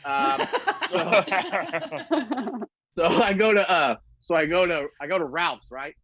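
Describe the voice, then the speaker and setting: A man's voice: on the high side, slow pace, fairly bright tone. A man in his thirties doing a rambling, self-mocking stand-up set over a video call, laughing at his own jokes. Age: 30s. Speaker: stand-up comic.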